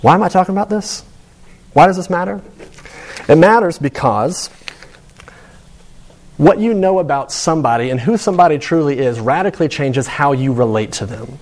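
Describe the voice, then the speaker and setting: A man's voice: fairly high pitch, lively intonation, moderate pace, long pauses. A man giving a sermon to students in a conversational, storytelling way. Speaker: preacher.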